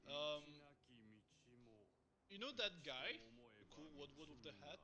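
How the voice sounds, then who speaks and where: A man's voice: fairly high pitch, animated, measured pace, crowd noise. French-accented man in casual gaming chat. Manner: swearing, laughing, rambling. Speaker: host, gamer.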